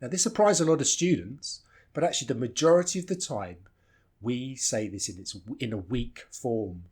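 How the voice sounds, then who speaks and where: A man with a non-rhotic British accent teaching English pronunciation, slowly demonstrating the weak and strong forms of words and repeating them. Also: medium pitch, expressive, a little mellow, slightly rough. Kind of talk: pronunciation lesson.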